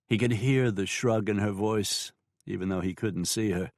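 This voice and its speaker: A man narrating a western novel audiobook in a measured, even storytelling manner. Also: on the low side, no echo, clean studio sound.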